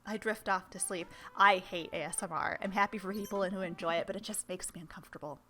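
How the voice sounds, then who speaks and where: Bright-voiced woman hosting a let's play. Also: lowish voice, fairly even intonation, quick pace. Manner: chatty, self-deprecating asides. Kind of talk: casual game commentary and reading.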